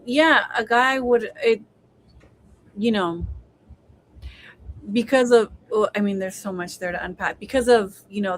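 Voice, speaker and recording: A woman of middle pitch talks things through in a casual chat, hedging and circling back with plenty of "you know". A faint background noise sits under her voice. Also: poor audio. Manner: thoughtful, hedging with fillers.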